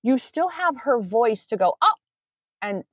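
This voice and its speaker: A woman's voice: a little high, sing-song, a little slow, a little mellow, dry recording. A woman who works with clients, talking in a meandering, earnest way and often correcting herself mid-sentence in a conversational interview. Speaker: coach with clients. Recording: dull lo-fi sound.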